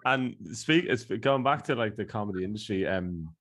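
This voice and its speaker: A man's voice: on the low side, lively intonation, moderate pace, fairly bright tone. A man hosting a casual interview, often restarting his questions and laughing along. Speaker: interviewer host.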